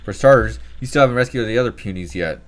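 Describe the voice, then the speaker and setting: A man's voice: mid-range voice, fast, close to an everyday voice. A man doing a snide, stubborn rival. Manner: sneering, dismissive.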